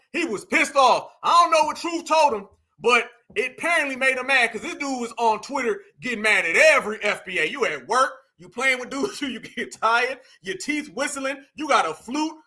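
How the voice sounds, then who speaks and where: A man's voice: very high-pitched, pushed and bright. A man hosting a casual reaction commentary, mocking and laughing as he talks to viewers he calls family. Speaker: commentary show host.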